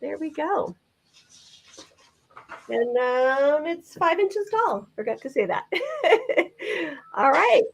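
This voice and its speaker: A woman's voice: high voice, very animated, extremely slow, gravelly, long pauses, slight background noise. A woman co-hosting a live vintage sale, chatting enthusiastically as she describes items. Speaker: vintage seller co-host.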